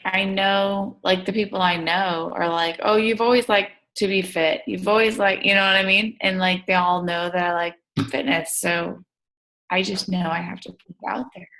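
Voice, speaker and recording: Gravelly-voiced woman, hesitant on a call. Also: medium pitch, fairly even intonation, moderate pace, fairly bright tone, poor audio. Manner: hesitant, lots of fillers. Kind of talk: casual group video call chat.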